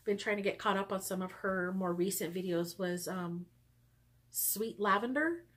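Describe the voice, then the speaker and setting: A woman talks casually to her viewers about her crafting, upbeat and chatty. She fills pauses with ums and breaks into small laughs. Her pitch sits in an ordinary middle range. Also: fairly bright tone. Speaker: knitting podcast host. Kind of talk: casual knitting vlog chat.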